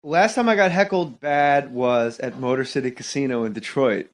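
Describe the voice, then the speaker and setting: A man's voice: medium pitch, moderate pace. A man, a comedian, telling a loose, rambling anecdote in conversation.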